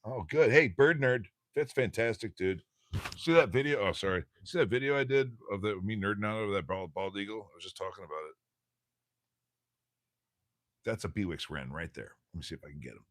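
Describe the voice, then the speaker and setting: A man's voice: fairly low pitch, expressive, a little fast, a bit bright, dry recording. A man hosting a casual live stream, chatting loosely to viewers with lots of fillers and restarts. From USA. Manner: rambling, frequent fillers and restarts. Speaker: livestream host.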